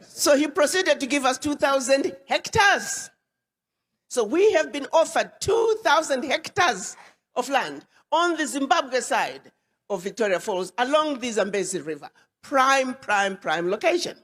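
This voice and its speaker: Woman ambassador, high voice, emphatic public address in a reverberant hall. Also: sing-song, measured pace, a bit bright. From Ghana. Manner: emphatic, repeats words for weight. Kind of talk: public speech to an audience.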